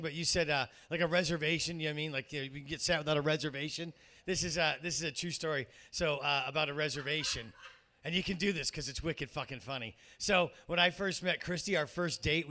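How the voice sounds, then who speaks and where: Male comedy emcee, thirties, slightly high voice, loud and profane, rambling banter. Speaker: comedy show host. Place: comedy club stage.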